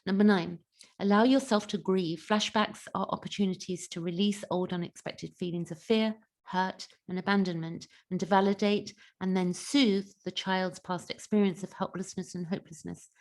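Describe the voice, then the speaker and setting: Gravelly-voiced woman giving gentle advice. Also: mid-range voice, steady tone, normal speed. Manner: gentle, reassuring, with frequent restarts and "you know". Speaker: mentor and coach. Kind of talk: casual advice talk.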